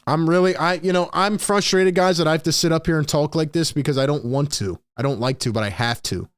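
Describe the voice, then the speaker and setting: A man's voice: fairly high pitch, fairly quick, clear, resonant tone, no room sound. Ranting man on a dry mic. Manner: frustrated ranting, reading out chat comments. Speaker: sports podcast host. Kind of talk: live postgame fan commentary.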